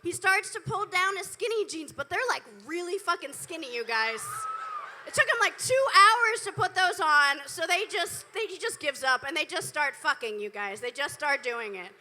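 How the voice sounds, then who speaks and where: A woman doing stand-up on a club stage, her voice very high and sharply bright. She tells stories into a handheld mic with dry, profane asides tossed to the crowd. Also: expressive, normal speed, slight background noise. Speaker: stand-up comedian. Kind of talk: live stand-up set. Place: comedy club stage, indoors.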